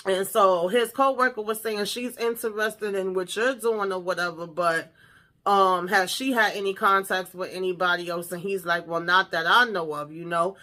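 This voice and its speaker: Woman, reality TV recap host, bright tense voice, animated, cussing, casual commentary. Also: mid-range voice. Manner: animated, profane, exclamatory commentary.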